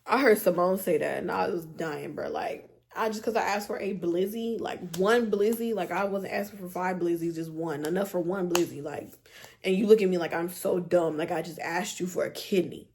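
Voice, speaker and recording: Young adult woman, vlogger, storytime, animated, slangy, exasperated. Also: on the low side, moderate pace, slight background noise. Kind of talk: storytime vlog.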